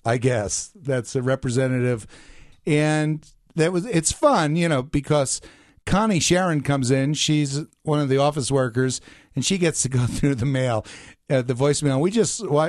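Brief: keen, opinionated male radio host, slightly high voice, dry studio sound. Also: no room sound. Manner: enthusiastic, opinionated. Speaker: radio talk show host. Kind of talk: talk radio.

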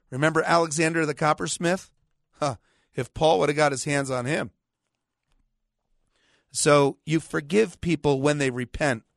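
A man's voice: a little high, fairly bright tone, dry recording, studio quality. A man, a pastor hosting a radio talk show, preaching in a combative, sarcastic way and quoting scripture with emphatic repetition.

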